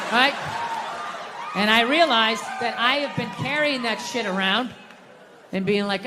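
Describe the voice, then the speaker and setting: A middle-aged man doing profane stand-up storytelling, ranting and bursting into shouts. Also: very high voice, expressive, unhurried, a crowd in the background. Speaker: stand-up comedian. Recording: live hall reverb, faint noise.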